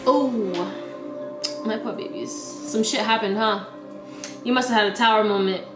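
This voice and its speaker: A woman's voice: fairly high pitch, steady tone, moderate pace, echoey room, music in the background, poor audio. A young woman giving a casual tarot reading, laughing often and talking in a scattered, slangy way. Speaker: tarot reader.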